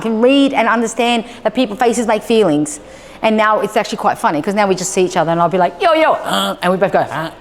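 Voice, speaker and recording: A woman presenter at a mid pitch talks to families gathered in a large hall. She tells her stories with lively, acted-out dialogue and keeps checking in with the room. The voice carries a long reverberant tail over a faint background hiss. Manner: lively storyteller who acts out dialogue and checks in with listeners. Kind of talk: live talk to homeschool families.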